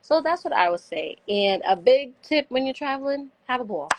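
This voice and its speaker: A woman's voice: high-pitched, lively intonation, moderate pace, no room sound, rough recording. A woman giving travel tips in casual chat on a live show. She talks chattily, filling her talk with "like" and acting out the people she quotes.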